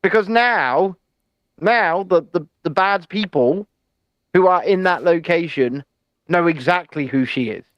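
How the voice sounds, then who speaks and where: A man's voice: sits high, measured pace, dry recording. A man co-hosting a casual news chat show, talking in an opinionated, chatty way with hedging asides. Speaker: co-host.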